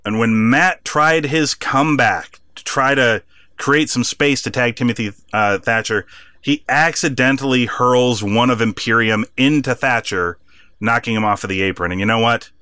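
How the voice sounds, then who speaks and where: Bright-voiced man recapping wrestling. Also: medium pitch, normal speed, clean tone, no echo. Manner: animated recapping, acts out wrestlers' lines. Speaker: podcast co-host. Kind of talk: casual wrestling recap chat.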